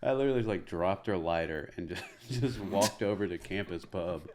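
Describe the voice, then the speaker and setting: A man from Middle Tennessee, a comedian guest telling an animated story full of fillers. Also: low voice, moderate pace, a crowd in the background. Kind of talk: casual storytelling.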